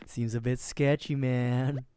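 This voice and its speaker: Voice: medium pitch, level tone, slow pace, clean tone, no echo. Joking video game streamer. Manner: joking, drops suddenly to a hushed mutter. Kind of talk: casual gaming livestream commentary.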